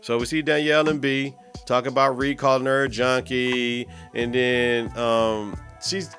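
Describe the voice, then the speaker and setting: A podcast host recapping and reacting to a TV drama episode, swearing freely, laughing and acting out the characters' lines. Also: male voice, mid-range voice, a little slow, soft background music. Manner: profane, animated, laughs often, acts out characters' lines.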